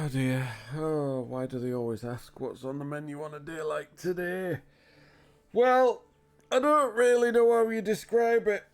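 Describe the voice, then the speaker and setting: A man's voice: very high voice, slow, clear, resonant tone, voice pushed up. A man voicing a cagey, embarrassed male innkeeper with a hearty Yorkshire accent. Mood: sheepish. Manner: hearty and folksy.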